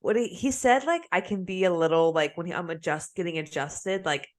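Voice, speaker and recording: A young woman co-hosting a podcast tells a story in casual chat, her voice on the low side and a little fast. She's an animated storyteller who acts out voices and laughs often.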